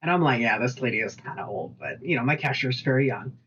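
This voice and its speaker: A woman co-hosting a casual podcast, telling animated work stories, acting out voices and swearing freely. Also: a bass voice, fast, dull audio, slight background noise. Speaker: podcast co-host. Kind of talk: casual storytelling chat.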